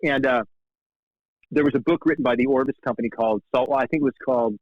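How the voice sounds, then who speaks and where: Sex: man. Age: 50s. Role: guest, fly fishing guide. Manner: animated storyteller who acts out quoted dialogue. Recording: dry, dull podcast audio. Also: medium pitch, quick pace, dry recording. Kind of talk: casual storytelling in conversation.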